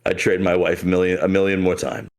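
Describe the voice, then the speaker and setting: A man's voice: deep voice, fast talker, vocal fry. A man voicing a gaudy, boastful male pirate captain who bargains brashly. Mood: gloating.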